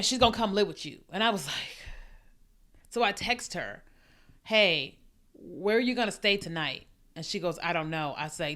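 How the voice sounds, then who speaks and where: A woman with a bright, clear voice tells her own faith story as a podcast host. She speaks in a lively, conversational way and acts out what she and others said. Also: medium pitch. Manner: animated storytelling, acting out quoted voices. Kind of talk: personal faith testimony.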